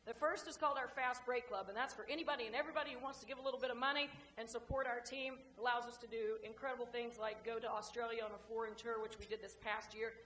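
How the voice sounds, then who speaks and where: A woman coach giving an after-lunch club speech, telling a joke story in a folksy, lively way. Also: a little high, fast talker, hardly any pauses. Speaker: guest speaker, women's basketball coach. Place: large banquet room. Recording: echoey room, faint hum.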